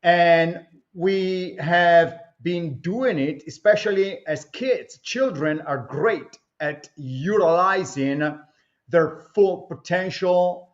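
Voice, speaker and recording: A man answering interview questions in a slow, measured way, pausing often with fillers. His voice sits slightly high. The remote audio sounds dull and lo-fi. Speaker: author and interview guest.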